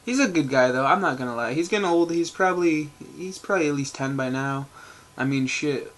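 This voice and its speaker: Casual male vlogger, a bit high-pitched, loose and profane, talking to camera at home. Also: a little fast, fairly bright tone, slight background noise. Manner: rambling, loose and profane, many fillers. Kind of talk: casual rambling vlog. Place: at home indoors.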